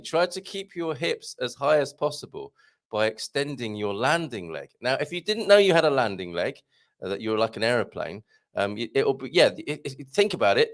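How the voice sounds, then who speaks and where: A man hosts a casual live stream, reading out comments and tips from his viewers. His voice sits at a middle pitch but rises and falls with a lot of movement. He sounds chatty and jokey, with self-deprecating asides. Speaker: host of a live show.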